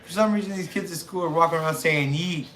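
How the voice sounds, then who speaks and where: A man in his thirties hosts a call-in show, chatting casually in a rambling, profane way full of fillers. His voice runs on the high side, quick and fairly bright, recorded in a roomy space with faint noise.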